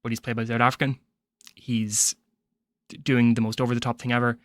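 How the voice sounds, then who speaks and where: A man's voice: mid-range voice, flat delivery, fairly quick, fairly bright tone, no room sound. Irish man ranting in a dry room. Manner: rambling, opinionated ranting with frequent restarts. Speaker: film reviewer. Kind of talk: casual spoken review.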